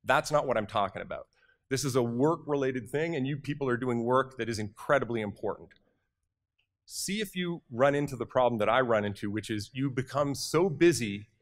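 Energetic man giving a conference talk. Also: medium pitch. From Canada. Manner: energetic, direct, addresses audience with questions. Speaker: conference speaker. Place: conference hall.

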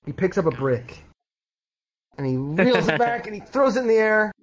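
Animated storyteller in voice chat. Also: medium pitch, normal speed, poor audio. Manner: animated, swears casually. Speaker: voice chat participant telling a story joke. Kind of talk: casual storytelling. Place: online voice chat in a VR game.

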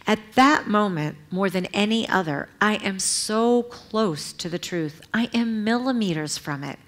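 A middle-aged woman, an author, reading from her own memoir at a public library event in a measured, earnest way, with brief asides to the audience. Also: mid-range voice, animated, a bit bright.

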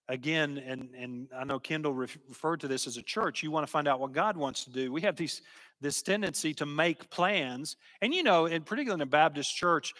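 Middle-aged male preacher, earnest teaching sermon, bright tone, reverberant church room. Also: high voice. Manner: earnest, emphatic teaching with rising exhortation. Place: church sanctuary.

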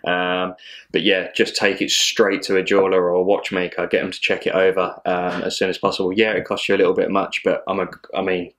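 Very deep-voiced man chatting casually. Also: monotone, brisk, fairly bright tone. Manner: chatty, rambling, laughs often, swears casually. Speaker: watch channel co-host. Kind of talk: casual chat.

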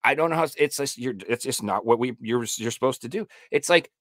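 A man's voice: medium pitch, fast talker, fairly bright tone, no room sound. A man ranting emphatically and with plenty of swearing in a casual podcast chat. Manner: emphatic, profane, heated ranting. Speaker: podcast co-host.

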